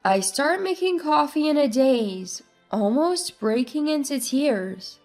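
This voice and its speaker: A woman tells a first-person story in a slow, high voice. Her delivery is subdued and plaintive, with soft music under her. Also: expressive. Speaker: narrator. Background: faint music.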